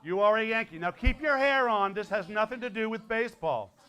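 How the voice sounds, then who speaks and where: A man's voice: high voice, animated, pushed and bright, clear, resonant tone. A man in his sixties from Connecticut, a folk musician joking and teasing his way through stage patter for a school audience. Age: 60s. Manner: playful, teasing, quick asides. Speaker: folk musician and guest performer. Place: school hall, live audience.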